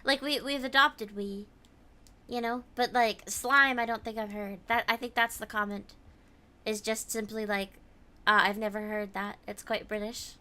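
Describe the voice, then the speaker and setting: A woman's voice: mid-range voice, fairly even intonation, normal speed, bright, forceful tone. A woman streamer chatting casually while gaming, reading viewer comments aloud and answering them.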